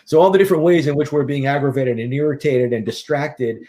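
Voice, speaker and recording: A middle-aged man, a guest author and speaker, telling stories in an animated, casual interview. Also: medium pitch, fast. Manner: animated anecdotal storyteller.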